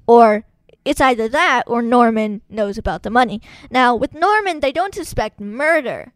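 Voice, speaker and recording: A woman casually recapping a film plot in chatty, animated storytelling. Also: on the high side, normal speed, hardly any pauses, no echo, studio quality.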